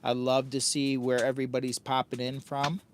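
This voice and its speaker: A man's voice: medium pitch, monotone, normal speed, a little hiss or hum. An older man hosting a camping livestream from a hot tent, chatting casually, repeating himself and calling himself by a nickname in the third person. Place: hot tent outdoors on a windy day.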